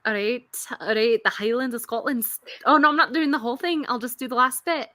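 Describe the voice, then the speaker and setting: A woman co-hosting a casual writers' chat stream, animated and laughing often. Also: fairly high pitch, a little fast, no room sound. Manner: animated, laughs often, reads excerpts aloud. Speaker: writing stream co-host.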